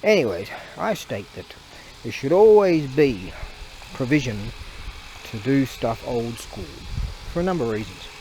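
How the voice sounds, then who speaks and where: A male podcast host grumbles and swears his way through a rambling, casual monologue while walking outdoors on a street, laughing often. His mid-range voice is sing-song, unhurried, and a little mellow, in a rough recording with passing vehicles audible behind him.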